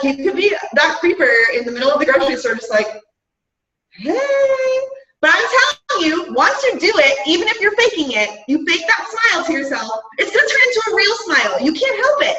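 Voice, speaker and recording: Upbeat high-voiced woman coaching her team. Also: very animated, fairly quick, pushed and bright. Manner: upbeat, chatty, lots of "guys" and "right?". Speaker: fitness business coach. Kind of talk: motivational talk to a team. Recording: roomy, distant, dull-sounding mic.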